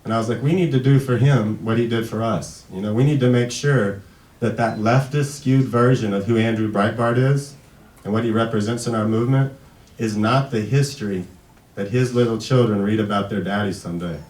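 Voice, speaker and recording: A man's voice: lowish voice, a little mellow. Emotional man speaking in an echoey hall. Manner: halting, emotional, many restarts. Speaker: speaker at a memorial event. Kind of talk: emotional tribute speech. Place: event hall. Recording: echoey hall, far from the mic.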